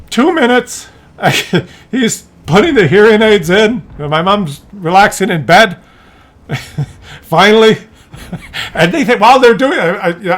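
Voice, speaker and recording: A middle-aged man telling a family story in a casual vlog, animated and laughing often as he acts out voices. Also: high voice. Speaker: content creator.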